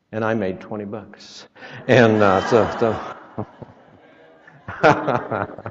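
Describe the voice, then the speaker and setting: A man's voice: lowish voice, a little hiss or hum. A man preaching a sermon in a folksy way, with joking asides and quoted scripture, in a church. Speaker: traveling preacher. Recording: reverberant, dull lo-fi sound.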